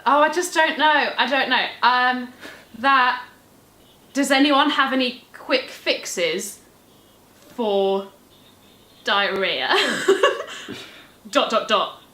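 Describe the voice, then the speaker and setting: Bubbly high-voiced English woman. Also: animated, drawn-out words, pauses often, sharp tone. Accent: Hertfordshire English. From England. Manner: bubbly, laughs often. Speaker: guest. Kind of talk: casual chat. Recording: echoey room, faint clicks.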